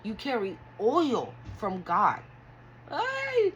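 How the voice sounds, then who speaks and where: A woman's voice: mid-range voice, normal speed, fairly bright tone, highs cut off, slight background noise. A woman giving a casual tarot reading, talking bluntly and emotionally with lots of swearing. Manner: blunt, profane, emotional and earnest. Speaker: tarot reader.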